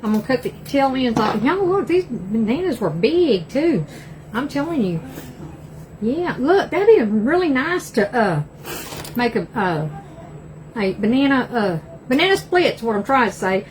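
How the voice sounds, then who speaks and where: An older woman from East Texas hosts a live cooking stream from her home kitchen, in a chatty, folksy Southern drawl. Her voice sits a little high, and a steady noise runs behind her. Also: a little slow, poor audio. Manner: chatty and folksy, says y'all a lot. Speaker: cooking livestream host. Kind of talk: casual live cooking chat.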